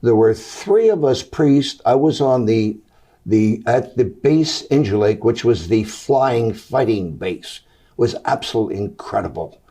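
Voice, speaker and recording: Older Philly-raised guest with a Pennsylvania accent; husky, warm, talks like an old DJ. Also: male voice, medium pitch, animated, unhurried. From Philadelphia. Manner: jovial, rambling storyteller with radio flair. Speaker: guest, retired priest. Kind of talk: talk-show interview.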